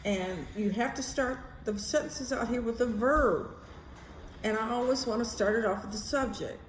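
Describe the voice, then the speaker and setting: A woman vlogging in a casual, animated chatty way, swearing now and then. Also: medium pitch, moderate pace, echoey room, a little hiss or hum. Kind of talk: casual chat to camera.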